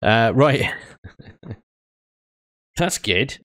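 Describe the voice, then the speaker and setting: A man giving casual, chatty let's-play commentary as he builds in a space game, excitable and often laughing. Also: mid-range voice, very slow, dry recording, clean studio sound. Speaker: gaming YouTuber.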